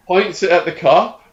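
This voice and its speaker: A middle-aged English man, a podcast guest, telling a dramatic story and acting out other people's lines. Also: high-pitched. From England. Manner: animated storyteller acting out quotes. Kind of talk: storytelling interview.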